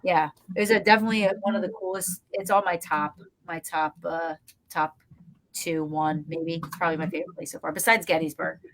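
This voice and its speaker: Speaking a little fast in a low voice, a woman shares a ghost-hunting story in casual conversation as a guest paranormal investigator. She's animated and voices everyone in the story herself, though the audio quality is poor.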